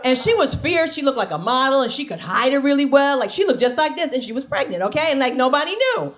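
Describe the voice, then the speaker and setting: Lively, animated woman doing stand-up. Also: high voice, fast talker. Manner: animated storytelling with shrieks and asides to the crowd. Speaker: stand-up comedian. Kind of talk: stand-up comedy set. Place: comedy club stage.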